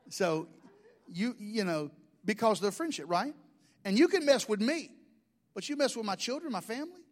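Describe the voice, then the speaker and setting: A man's voice: high-pitched, lively intonation, a little slow, long pauses. A middle-aged man, preaching a sermon in a folksy, joking storytelling way. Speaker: pastor.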